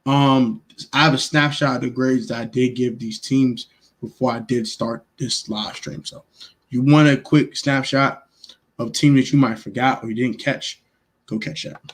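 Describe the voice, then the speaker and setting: A man's voice: medium pitch, steady tone, normal speed. A man hosting a casual livestream, talking emphatically, repeating himself and swearing freely as he reacts to viewers by name. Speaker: livestream host grading draft picks.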